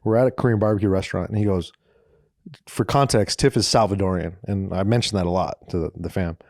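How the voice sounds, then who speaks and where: A man's voice: sits low, steady tone, quick pace, darkish tone, no echo, studio quality. Laid-back, swearing man telling a story. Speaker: podcast co-host. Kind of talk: casual comedic storytelling.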